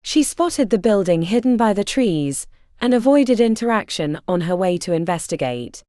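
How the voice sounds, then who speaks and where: A woman narrating a fantasy audiobook in an expressive, dramatic reading style. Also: mid-range voice, normal speed, dry recording, studio quality.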